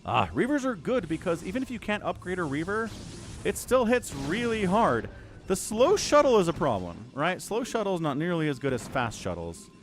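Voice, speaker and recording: A man's voice: sits high, very animated, normal speed, soft background music. A man streaming casual game commentary, sarcastic and rambling as he talks to his chat. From United States. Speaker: esports caster and streamer.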